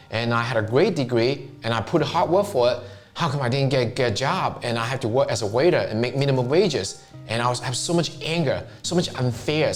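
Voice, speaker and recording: A middle-aged man with a Chinese accent, giving an earnest motivational talk as a self-help vlogger and often asking himself questions. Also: mid-range voice.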